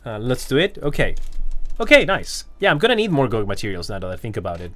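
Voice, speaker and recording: A man's voice: mid-range voice, wildly swooping pitch, fast, a bit bright, no echo. A man streaming a game, chatting casually with viewers and thinking aloud, rambling with fillers. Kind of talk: casual live-stream chat while gaming.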